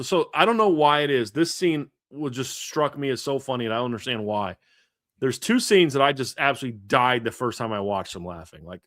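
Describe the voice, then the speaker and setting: A man's voice: mid-range voice, a bit bright, dry recording, studio quality. A man in his thirties hosting a casual sports podcast, telling stories animatedly with lots of restarts and fillers. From grew up a Reds fan in the American Midwest. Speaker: podcast host.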